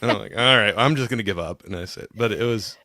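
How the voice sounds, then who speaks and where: Man, from Iowa, low voice, storytelling host, acts out quotes, dry recording. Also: fast talker, bright, forceful tone, no room sound. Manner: storyteller who acts out quoted people and laughs at himself. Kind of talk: casual chat.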